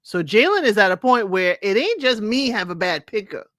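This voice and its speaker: A woman's voice: medium pitch, very animated, moderate pace, a bit bright, no echo. A woman co-hosting a podcast in casual chat, probing with follow-up questions. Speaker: podcast co-host.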